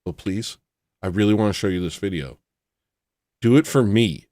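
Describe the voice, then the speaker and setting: A man's voice: fairly low pitch, moderate pace, warm tone, dry recording, clean studio sound. A man hosting a casual livestream, rambling, joking at his own expense and greeting chatters by name. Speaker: livestream host.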